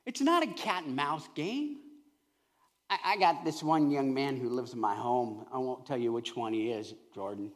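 A male pastor preaching a sermon with animated storytelling, swinging from loud to hushed. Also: medium pitch, moderate pace.

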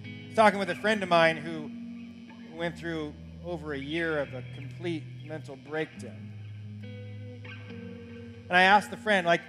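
A man's voice: a little high, measured pace, long pauses, music in the background. A man preaching a sermon as pastor, earnest and building to urgent questions.

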